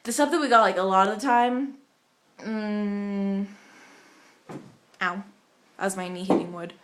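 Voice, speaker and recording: A woman's voice: mid-range voice, steady tone, measured pace, very noisy. A young woman from the United States telling rambling stories to her webcam at home, chatty and full of fillers. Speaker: vlogger. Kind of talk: casual vlog storytelling.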